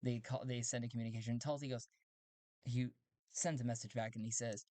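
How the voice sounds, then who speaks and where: A man narrates his own solo tabletop game close to the mic in a mid-range, dry voice. He thinks out loud as he goes, corrects himself often and laughs easily. The sound is close and intimate, with no room around it. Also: medium pitch, fairly even intonation, a little fast, dry recording.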